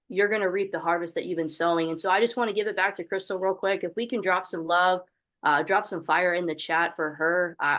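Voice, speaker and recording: A young woman with a lowish voice leads a fervent, faith-filled pep talk over a video call. Her tone is encouraging. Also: fairly bright tone. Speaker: host of an online training call.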